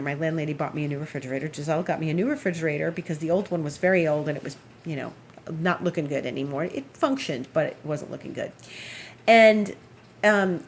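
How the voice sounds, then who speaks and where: A woman's voice: low-pitched, a little hiss or hum. A woman host telling a story in a casual, amused way, chatting at home. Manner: chatty, amused, acts out others' lines in raised voice. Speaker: astrologer and Reiki practitioner, show host.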